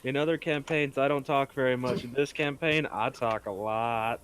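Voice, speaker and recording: Man, player and game master, casual joking chatter, mid-pitched, light noise floor. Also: moderate pace, a bit bright. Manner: joking, rambling. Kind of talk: casual chat after a tabletop game stream.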